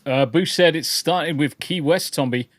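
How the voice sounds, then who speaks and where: A man's voice: a little high, normal speed, no room sound. A man co-hosting a casual podcast, reading out viewer comments and riffing on them drily. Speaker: podcast co-host reading chat messages. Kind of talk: casual chat.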